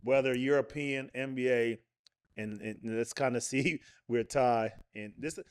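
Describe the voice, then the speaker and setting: A man's voice: medium pitch, steady tone, a little slow, smooth, no room sound, studio quality. A man co-hosting a podcast, casually asking the guest questions in a laid-back way. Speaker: podcast co-host. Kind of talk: casual chat.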